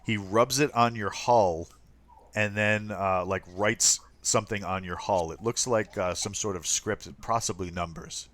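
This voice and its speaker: A man narrating as game master of a tabletop game, halting with many ums and uhs. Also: fairly low pitch, a bit bright.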